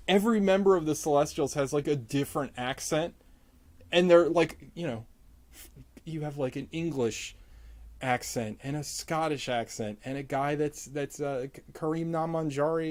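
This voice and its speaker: A man vlogging while he draws, ranting casually about a movie in a rambling, profane way, his voice jumping up in pitch when he gets exasperated. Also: a little mellow. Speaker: artist vlogger. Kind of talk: casual rant while drawing.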